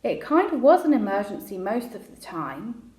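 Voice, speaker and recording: A practical, dry-witted girl from a children's story, talking in a matter-of-fact way, as a woman reading aloud gives her lines. The voice is mid-pitched and echoes in a roomy space. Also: big pitch swings, normal speed, a little mellow, lightly acted. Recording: roomy echo.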